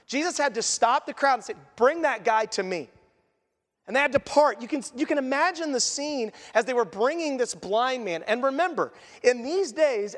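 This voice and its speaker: Pastor, male, high voice, chatty preaching style, long church-hall reverb. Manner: asks the congregation questions and acts out quotes. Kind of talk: conversational sermon.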